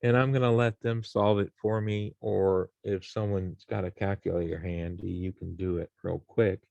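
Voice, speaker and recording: A man's voice: sits low, flat delivery, normal speed, vocal fry, darkish tone, no room sound, muffled recording. A man teaching a college algebra class, explaining each step and checking in with his students. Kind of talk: classroom math lecture.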